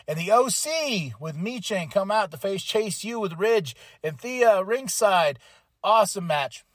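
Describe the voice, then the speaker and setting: A man hosting a podcast, recapping a wrestling show in a casual, chatty way and acting out lines in quick voices. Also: sits high, lively intonation, no echo, studio quality. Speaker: podcast host.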